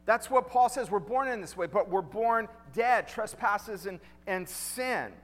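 A man's voice: high-pitched, unhurried, fairly bright tone, big-room sound. A male pastor preaching a sermon in a conversational way, asking the congregation questions and repeating key lines.

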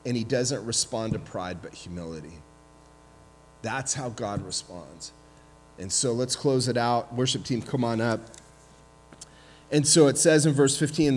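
A man preaching a sermon as pastor, retelling scripture with lively, humorous asides and acted-out voices. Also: medium pitch, measured pace, a little hiss or hum. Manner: animated storytelling, acts out voices with humor. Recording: long hall reverb.

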